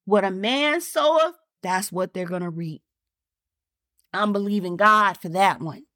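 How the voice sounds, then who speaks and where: A woman's voice: medium pitch, a little slow, bright, forceful tone, dry recording, studio quality. A woman preaching a fervent sermon, repeating lines for emphasis and calling out directly to her listeners.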